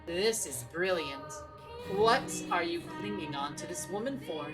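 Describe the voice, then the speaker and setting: A woman's voice: on the low side, lively intonation, unhurried. A woman voicing a cruel, mocking taunter in a sneering manner. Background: game music.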